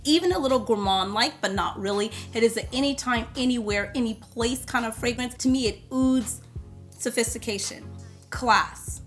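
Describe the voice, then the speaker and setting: A woman chatting casually to camera as a perfume reviewer, playful and loud. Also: fairly high pitch, fairly quick, soft background music.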